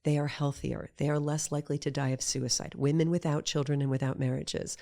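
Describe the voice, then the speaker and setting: A middle-aged woman, a guest in a casual conversation, talking in an animated way and acting out quoted voices as she tells her stories. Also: low voice, a little fast, vocal fry. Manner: animated storyteller who acts out quoted voices.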